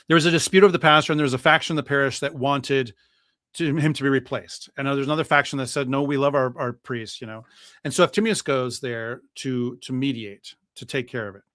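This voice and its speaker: A priest telling a church history story in a lively talk-show conversation, with plenty of fillers and restarts. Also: male voice, mid-range voice, no echo, studio quality. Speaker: guest priest.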